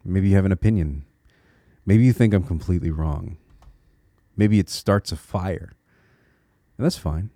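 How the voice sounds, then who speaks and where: A low-pitched man with a warm, mellow tone hosts a solo podcast, reflective and earnest as he encourages his listeners. He thinks aloud, restarting small phrases now and then. The sound is dry, with no room echo. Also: unhurried. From Connecticut, USA. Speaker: podcast host.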